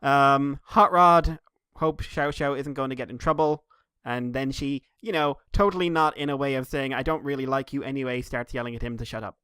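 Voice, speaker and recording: A man's voice: mid-range voice, steady tone, moderate pace, sharp tone, clear, resonant tone, no echo, clean studio sound. A man co-hosting a casual podcast, recapping comics in a rambling, laughing way. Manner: rambling, laughing, with jokey quoted voices. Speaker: podcast co-host.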